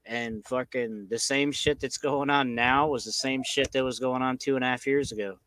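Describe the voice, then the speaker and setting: A man's voice: mid-range voice, steady tone, moderate pace, a bit bright, poor audio. A man hosting a casual chat, rambling and profane in laid-back banter. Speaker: host.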